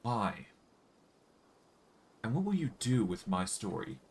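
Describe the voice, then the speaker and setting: A man's voice: on the low side, big pitch swings, takes it slowly, darkish tone, breathy edge, exaggerated voice. A man reading aloud the lines of a defiant, wary elf woman in a fantasy game.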